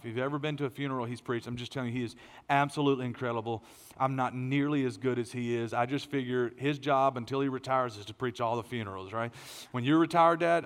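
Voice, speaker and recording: A middle-aged male pastor delivering a sermon in a church auditorium, his voice sitting a little high for a man. He tells stories with animated energy, jumping into louder, higher bursts. A long hall reverb trails after his words.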